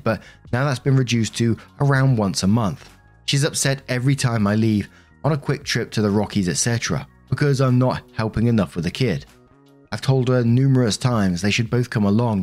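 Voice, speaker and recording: A man narrating written online stories aloud in a steady, scripted reading style. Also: fairly low pitch.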